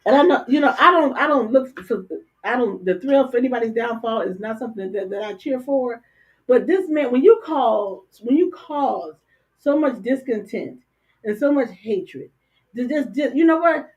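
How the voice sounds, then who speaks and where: An older woman co-hosting a casual talk show, blunt and animated, often stammering and repeating words. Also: a little high, normal speed. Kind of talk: casual political chat. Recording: dull lo-fi stream audio.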